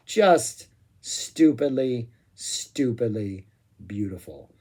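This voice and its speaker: A man giving a casual spoken music review, excitable and rambling, with frequent "um"s and asides. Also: a little high, measured pace.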